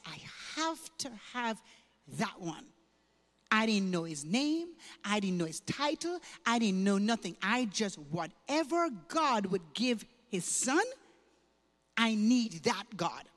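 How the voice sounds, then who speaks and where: Woman pastor from Jamaica, higher voice, lively storytelling testimony, long hall reverb. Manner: animated, humorous, emotional storytelling. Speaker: pastor giving her testimony. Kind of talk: sermon testimony told as a story. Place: large church hall at a women's event.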